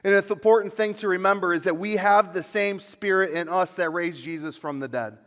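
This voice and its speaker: A man preaches a sermon in a church, his somewhat high voice carrying a long reverb through the sanctuary. He presses hard on key lines, climbing louder and higher at his peaks. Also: fairly quick. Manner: rises to loud, high emphatic preaching on dramatic lines. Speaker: pastor.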